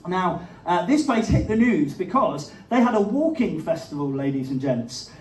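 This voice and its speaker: A man's voice: sits high, sing-song, moderate pace. A man performing a live stand-up set, chatty and self-mocking, often laughing at his own jokes. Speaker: stand-up comedian. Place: live comedy venue with an audience. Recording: roomy venue audio, captured from a distance with crowd laughter. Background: audience laughter.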